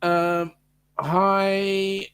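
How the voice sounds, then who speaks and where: Co-host: Australian man, unhurried, rambling chat. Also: high voice, little pitch movement, fairly bright tone, smooth. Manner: rambling, chatty, reads out viewer comments. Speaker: co-host of a live chat stream. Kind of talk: casual live-stream chat.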